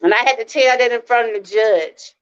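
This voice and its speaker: A woman's voice: fairly high pitch, brisk, clean tone, highs cut off. A woman from Georgia, hosting a live-stream testimony talk, earnest and repeating herself as she speaks straight to her viewers. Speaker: channel host.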